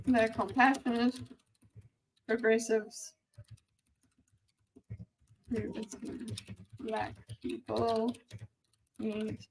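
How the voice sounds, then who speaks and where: This woman, slightly high-voiced and chatty, reacts to a video in casual, animated commentary, but extremely slowly, with vocal fry and long pauses over slight background noise. She trips over repeated words, restarts sentences, and at times nearly whispers.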